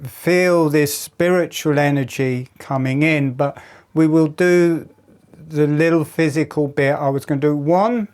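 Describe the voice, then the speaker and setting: A man teaching a breathwork lesson, calmly explaining and demonstrating each step. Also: fairly high pitch, measured pace, clear, resonant tone. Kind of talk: guided breathing instruction.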